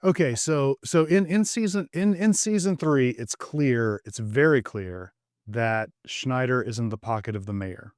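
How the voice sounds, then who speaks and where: A man co-hosting a podcast, discussing a TV show in an animated way and stumbling over repeated words. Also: medium pitch, measured pace, no room sound, clean studio sound. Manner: animated, stammers on restarts, laughs while telling jokes. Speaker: podcast co-host. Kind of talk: casual TV episode discussion.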